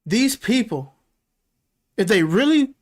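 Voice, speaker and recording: A man with a high voice speaks slowly while hosting a reaction video, commenting casually and animatedly with frequent swearing and laughing asides.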